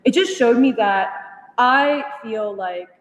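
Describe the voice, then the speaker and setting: A young woman retelling a conversation to a study group, animated and full of fillers, laughing as she goes. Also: fairly high pitch, slow pace. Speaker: union member sharing at a study group. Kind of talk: casual storytelling in a group discussion. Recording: echoey hall, voice from far off.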